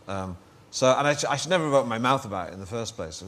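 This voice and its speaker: A man with a Northern English accent talks as a guest in a TV studio. His answers come out halting and full of false starts. The chat stays casual. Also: medium pitch, expressive, a bit bright. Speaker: comedian guest. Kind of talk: casual chat-show conversation.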